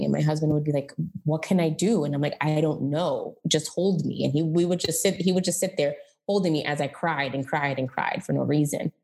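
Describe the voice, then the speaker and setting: A woman's voice: deep voice, darkish tone. A woman in her thirties telling her personal story as a podcast guest, candid and chatty, with lots of "like" and "um". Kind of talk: casual conversational storytelling.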